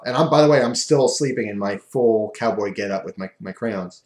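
Male vlogger, low-ish voice, loose rambling storyteller, echoey room sound. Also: a little fast, a little mellow. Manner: rambling, loose and self-amused. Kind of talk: casual storytelling.

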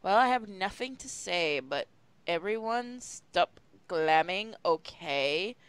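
A woman reads a fan story aloud with friends, swearing and teasing freely. Her voice is smooth and clear, and her pitch swings widely. The sound is close and dry. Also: lively intonation, slow pace, no room sound. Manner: profane, laughing, teasing. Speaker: group reader. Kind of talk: casual group reading of a fan story.

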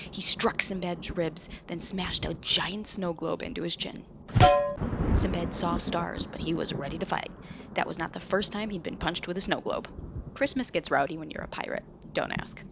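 Gravelly woman reading a story aloud. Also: fairly low pitch, lo-fi sound, very noisy. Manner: lively, dramatic storytelling. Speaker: fiction reader. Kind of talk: audiobook narration.

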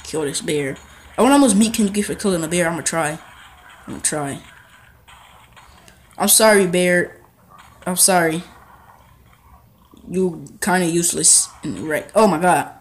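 A young man giving casual gameplay commentary, excitable and talking back to the characters on screen. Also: high-pitched, moderate pace, long pauses. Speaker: gaming channel host.

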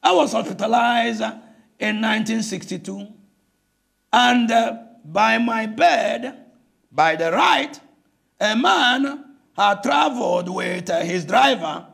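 An older man with a Nigerian accent, preaching a sermon with impassioned shouts and frequent "listen to me" asides. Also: sits high, animated, slow pace, gravelly. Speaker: pastor.

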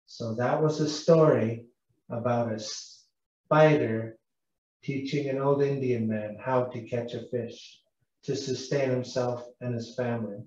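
A man from British Columbia leads a storytelling lesson, speaking slowly and gently and asking his young listeners questions. His voice is mellow and relaxed. The sound is echoey, distant and a little dull. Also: medium pitch. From British Columbia, Canada. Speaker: Indigenous cultural interpreter.

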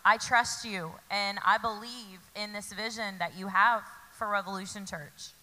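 A woman's voice: mid-range voice, steady tone, measured pace, bright, forceful tone. A woman, a pastor's wife speaking in a sermon and affirming her husband. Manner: affirming, supportive interjections. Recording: church hall reverb.

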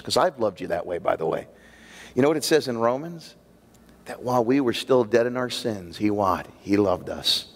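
A man preaching a sermon as pastor, emphatic and full of rhetorical questions to the congregation. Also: mid-range voice. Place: church sanctuary. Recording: long church reverb.

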